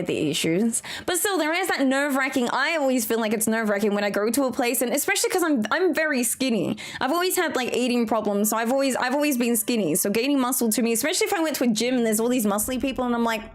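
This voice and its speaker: A young woman with an Australian accent, talking with her chat and friends while she plays a game. Her voice sits high and she rambles in a giggly, chatty way, often restarting her sentences. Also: animated, fast. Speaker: streamer. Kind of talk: casual chat while gaming.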